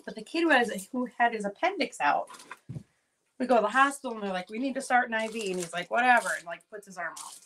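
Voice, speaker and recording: A woman's voice: lively intonation, fast, a bit bright, slight background noise, low-quality recording. Chatty woman hosting a live jewelry sale. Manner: rambling storytelling with many fillers; acts out her kids' lines in a higher voice. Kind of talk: casual chatty live selling.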